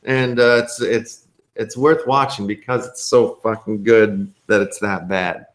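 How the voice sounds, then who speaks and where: A man's voice: lowish voice, fairly even intonation, unhurried, reverberant. A man co-hosting a casual podcast, giving a rambling, profane recap of a movie. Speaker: podcast co-host.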